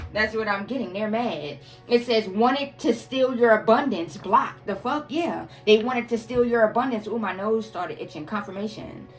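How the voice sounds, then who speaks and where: Woman with a somewhat high voice giving a blunt, cuss-heavy tarot reading straight to her viewers over faint music. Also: a little slow. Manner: emphatic, profane, repeats "y'all" and "collective". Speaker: tarot reader.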